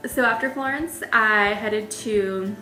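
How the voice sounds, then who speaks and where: A woman's voice: mid-range voice, takes it slowly, sharp tone. A young woman telling travel stories in a casual, chatty vlog, laughing often. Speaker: travel vlogger. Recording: echoey room with faint music.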